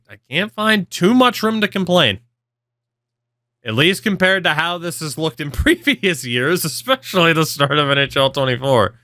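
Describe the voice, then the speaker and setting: A man's voice: mid-range voice, bright, forceful tone, no echo, studio quality. A young man giving rambling, offhand commentary on a hockey video game, swearing now and then. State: yawning, with hiccups. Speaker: gaming video creator. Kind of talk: casual commentary over gameplay.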